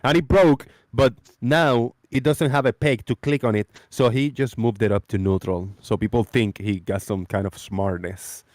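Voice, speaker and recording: A man's voice: medium pitch, moderate pace, hardly any pauses, a little mellow, no echo, studio quality. A man hosting a live-stream debate chat, rambling and repeating his phrases. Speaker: host.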